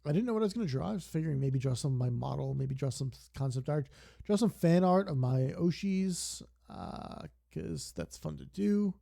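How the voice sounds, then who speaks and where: A man's voice: fairly high pitch, lively intonation, normal speed, creaky, dark tone. A young man streaming a game, chatting casually and drifting off into long digressive stories. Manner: rambling, digressive storytelling. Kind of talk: casual stream chat while gaming.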